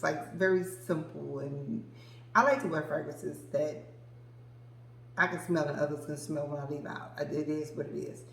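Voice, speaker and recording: A woman's voice: sits low, a bit bright. Chatty woman in her forties, echoey room. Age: 40s. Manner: chatty and gushing, calls viewers "girl" and "y'all". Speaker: vlogger reviewing fragrances. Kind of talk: casual chat to camera.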